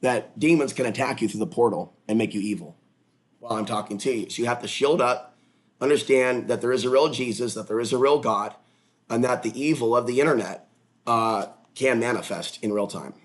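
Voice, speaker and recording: A man talks straight to his livestream viewers in an erratic, rambling monologue. He jumps from one topic to the next, his voice sitting at an ordinary middle pitch, and now and then he flares up into loud outbursts. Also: fairly quick. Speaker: livestream host.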